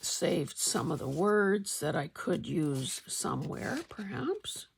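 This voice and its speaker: Slow, gravelly-voiced woman crafting vlogger. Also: low voice, very animated, a little hiss or hum. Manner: rambling and conversational, with frequent fillers. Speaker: crafting channel host. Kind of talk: casual show-and-tell vlog.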